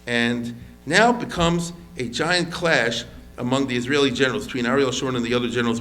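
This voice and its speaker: A man's voice: medium pitch, fairly quick, soft background music. A man giving an informal history lecture as a rabbi, talking casually with many restarts and acting out quotes. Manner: conversational, lively quoted voices, frequent fillers and restarts.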